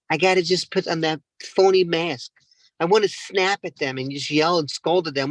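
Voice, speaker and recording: A man's voice: fairly high pitch, moderate pace, fairly bright tone, no room sound, poor audio. A man doing stand-up comedy, rambling and mocking himself, often calling the crowd "guys".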